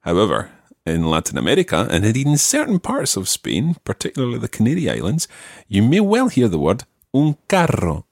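A man teaching pronunciation who explains patiently, models the sounds slowly and jokes about his own mistakes. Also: fairly low pitch, wildly swooping pitch, dry recording, studio quality. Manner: self-deprecating. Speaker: language teacher.

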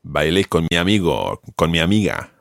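Low-voiced patient male Spanish teacher. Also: sing-song, quick pace, gravelly, fairly bright tone, no room sound, clean studio sound. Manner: patient, repeats words for the student. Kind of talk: one-to-one language lesson.

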